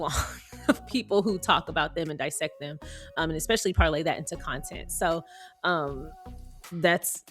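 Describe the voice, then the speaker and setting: A woman reading a celebrity news article aloud and breaking off into playful, chatty tangents. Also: fairly low pitch.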